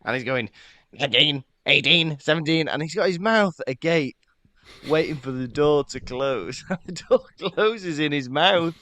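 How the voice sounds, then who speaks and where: Animated man hosting a podcast. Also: fairly high pitch, normal speed. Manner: lively and laughing, animated storytelling. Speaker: podcast co-host. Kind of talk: casual chat.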